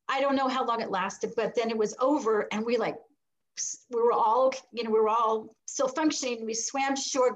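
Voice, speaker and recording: A woman's voice: fairly high pitch, dull audio. A middle-aged woman, a guest in an interview, telling a personal story with animation and acting out the voices she quotes. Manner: animated, acts out quoted voices, laughs between lines.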